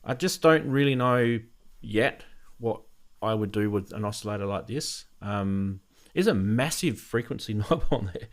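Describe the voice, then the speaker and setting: Male host, lowish voice, loose rambling delivery, casual gear-review chat. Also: measured pace, hardly any pauses. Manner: rambling, thinking aloud with many ums.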